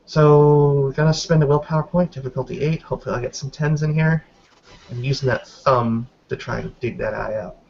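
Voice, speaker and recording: A man with a gravelly, creaky voice plays a tabletop role-playing game, counting his dice rolls out loud and swearing casually. The lo-fi recording sounds dull and muffled. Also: medium pitch, brisk.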